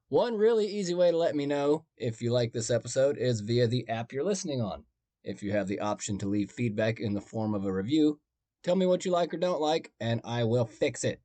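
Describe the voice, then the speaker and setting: Brief: male podcast storyteller, mellow and dry-toned, casual and self-mocking. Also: mid-range voice, no room sound. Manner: conversational, wry and self-deprecating. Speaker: podcast host and narrator.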